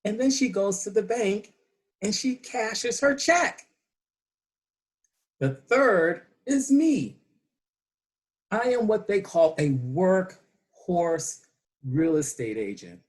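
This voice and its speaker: A man's voice: high voice, animated. Guy on a video call giving a funny speech, takes his time, voice goes up and down a lot. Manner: slow storytelling with dramatic pauses. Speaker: club speaker. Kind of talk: prepared humorous speech.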